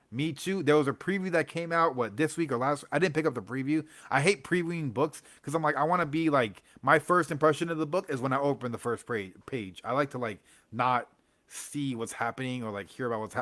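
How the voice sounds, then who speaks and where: A man's voice: medium pitch, fairly bright tone, no room sound, clean studio sound. A young man hosting a comics livestream, rambling in casual chat with lots of fillers, slang and laughs.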